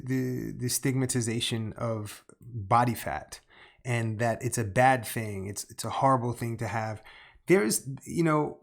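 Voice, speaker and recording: Male podcast co-host, healthcare worker, passionate and stumbling, mid-pitch. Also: creaky. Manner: heated, stumbling restarts, swears when riled up. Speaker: healthcare professional. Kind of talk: casual podcast discussion.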